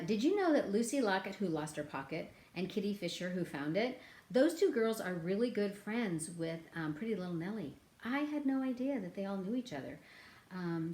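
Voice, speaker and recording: A woman teaching a children's music lesson, playful and animated with a sing-song delivery. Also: mid-range voice.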